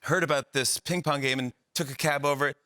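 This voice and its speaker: A man with a mid-range voice talks briskly as a guest on a TV talk show, recorded in the studio with no room sound. He tells a funny anecdote with lots of animation, acting out the dialogue as he goes.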